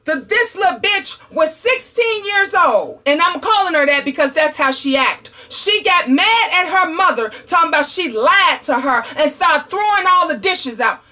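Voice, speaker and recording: A middle-aged woman hosting a livestream talk show, ranting in a loud, profane, sassy storytelling way. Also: very high voice, lively intonation, normal speed, few pauses. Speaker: host.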